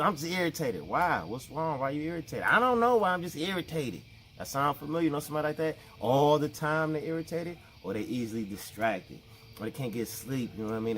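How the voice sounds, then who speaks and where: A man with talking casually to his viewers at a middling pitch. He keeps circling back with "you know what I'm saying" and slips into quick acted-out voices. A faint ambient noise hums behind him. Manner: conversational, repeats phrases, acts out quoted people. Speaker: vlogger. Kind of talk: casual talk to camera.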